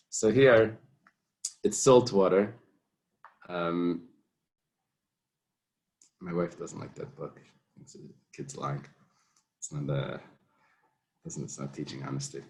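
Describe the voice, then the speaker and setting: A man teaching a Talmud lesson in a relaxed way, thinking aloud with fillers and mixing Hebrew and Aramaic terms into his English. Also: low voice, measured pace, pauses often. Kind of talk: casual Talmud study lesson.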